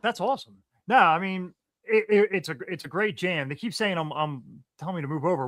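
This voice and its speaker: A man hosting a podcast over a video call, chatting casually, animated and swearing freely. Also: high voice, brisk, dry recording, clean studio sound. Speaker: podcast host.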